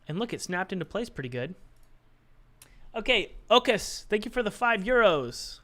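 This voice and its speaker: A man's voice: sits high, big pitch swings, normal speed, long pauses, a bit bright. A young man chatting casually on a live stream, joking and thinking aloud while he works on his game.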